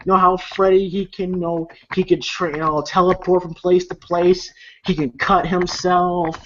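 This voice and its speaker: A man's voice: high voice, little pitch movement, normal speed, fairly bright tone. A man recapping a film in a loose, rambling way, with lots of fillers, swearing and chuckles. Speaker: movie reviewer. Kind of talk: casual movie recap. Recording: lo-fi with faint noise.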